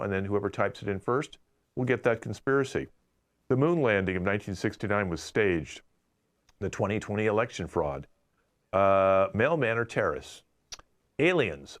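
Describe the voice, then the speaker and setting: A man hosting a live online improv show, running the games with brisk, playful banter over a video call. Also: lowish voice.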